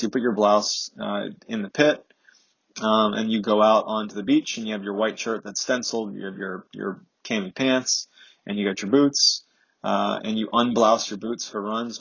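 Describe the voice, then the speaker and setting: Husky low-voiced man telling stories. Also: lo-fi sound. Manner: relaxed, rambling, frequent fillers and restarts. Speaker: former SEAL instructor, podcast guest. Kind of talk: casual storytelling interview.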